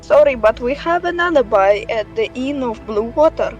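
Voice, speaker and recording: A woman's voice: a little high, animated, normal speed, muffled recording, over music. A woman playing a tabletop game, speaking partly in character with polite lines. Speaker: player.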